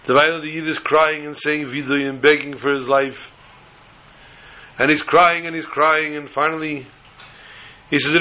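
A man who teaches religion, telling a story in a sermon in an animated way. He scatters Hebrew and Yiddish terms through it. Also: on the high side, measured pace, pauses often, rough recording.

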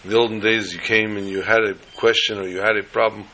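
A man giving a storytelling sermon as a religious teacher, animated and emphatic, piling up repeated phrases. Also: on the low side, quick pace, a little hiss or hum, poor audio.

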